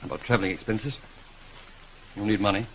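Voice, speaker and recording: An actor playing a brooding gentleman master of a manor in a 1950s television drama, commanding but turning soft and pleading. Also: fairly low pitch, steady tone, a little fast, a little hiss or hum, rough recording. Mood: earnest. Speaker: employer.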